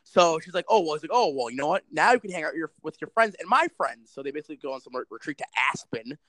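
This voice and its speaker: A man recapping a movie in casual chat, animated and sarcastic, with lots of swearing. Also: fairly high pitch, fast talker, dry recording, poor audio. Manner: animated, profane storytelling with sarcastic asides. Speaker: movie reviewer.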